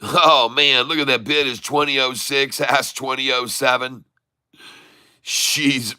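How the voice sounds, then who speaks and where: A man streaming his live day-trading, excitable, calling out prices over and over and taunting short sellers. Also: medium pitch, clear, resonant tone. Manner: addresses viewers as folks, taunts short sellers.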